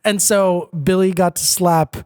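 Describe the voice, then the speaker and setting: A man's voice: sits high, fairly even intonation, a little slow, darkish tone, smooth, dry recording, studio quality. A young man co-hosting a podcast in casual chat, playful and riffing on running jokes. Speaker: podcast co-host.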